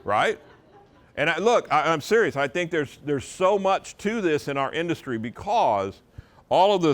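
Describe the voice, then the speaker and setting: A man giving a live seminar presentation to real estate agents, talking in an emphatic, conversational way and leaning on his intonation to drive points home. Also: mid-range voice.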